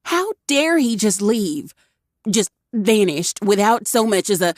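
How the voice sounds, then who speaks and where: A woman narrating a first-person audiobook with wry, expressive storytelling. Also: medium pitch, slow pace, no echo, studio quality.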